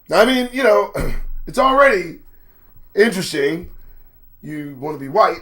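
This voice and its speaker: With a fairly high-pitched, slightly bright voice, a middle-aged man hosts a live-stream commentary show. He rambles and swears, greeting chat viewers by name.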